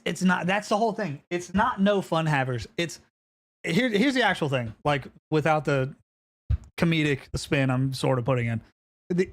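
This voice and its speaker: A man streaming live and ranting with profanity, swinging between yelling and low grumbling, with frequent repeats and restarts. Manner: repeats phrases and stumbles over restarts.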